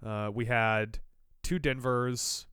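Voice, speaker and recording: A man's voice: medium pitch, fairly even intonation, slow pace, fairly bright tone, smooth, dry recording, clean studio sound. A man co-hosting a sports podcast, joking and teasing in casual chat, a little stuffy from allergies. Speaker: podcast co-host.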